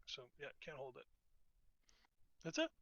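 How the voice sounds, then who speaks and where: A man's voice: a little high, huge pitch swings, unhurried, a bit bright, dry recording, lo-fi sound. A man playing a tabletop game, chatty and thinking aloud about the rules. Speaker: player.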